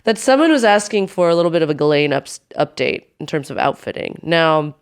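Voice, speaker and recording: Smooth-voiced woman co-hosting a podcast. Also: low-pitched, very animated, brisk. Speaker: podcast co-host. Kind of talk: casual chat.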